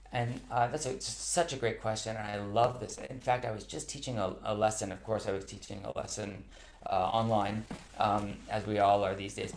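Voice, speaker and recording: This cello teacher's voice is fairly low with vocal fry. He answers live online chat questions from viewers in a sincere, considered way, with frequent ums and restarts, all heard through a roomy echo.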